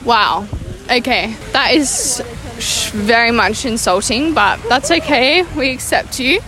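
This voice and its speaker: A woman's voice: a little high, lively intonation, takes it slowly, music in the background, rough recording. A woman hosting a podcast, interviewing friends as they walk to the beach, playful and teasing. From Australia. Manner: playful, teasing, laughs often. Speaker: podcast host. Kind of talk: casual interview while walking outdoors. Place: outdoors on a street, walking to the beach.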